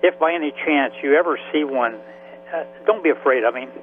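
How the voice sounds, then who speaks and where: A man in his seventies, a veteran and author, telling his story in a halting, emotional way with many restarts. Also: a little high, faint music behind. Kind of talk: radio interview by phone. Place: Florida. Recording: tinny phone line with faint hiss.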